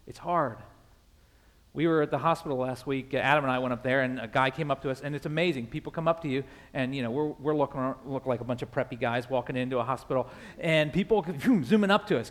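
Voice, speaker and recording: A man's voice: mid-range voice, fast. A man preaching a sermon in a church, asking rhetorical questions that swell and fade. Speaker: pastor.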